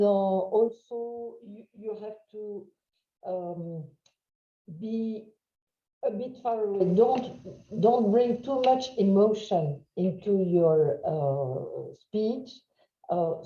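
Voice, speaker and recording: A woman with a French accent giving a webinar lecture, halting with many fillers and checking in with "huh?". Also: mid-range voice, warm tone. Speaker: webinar trainer. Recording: roomy, dull lo-fi sound.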